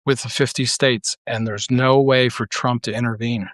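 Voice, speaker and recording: A man holds forth in a heated, blunt monologue, swearing freely and firing off rhetorical questions. He rambles and restarts as his thoughts race ahead. His voice sits at an ordinary middle pitch, recorded close and dry. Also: fairly even intonation, moderate pace, a bit bright, no room sound. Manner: heated, blunt, profane ranting. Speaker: online commentator. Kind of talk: unscripted political monologue.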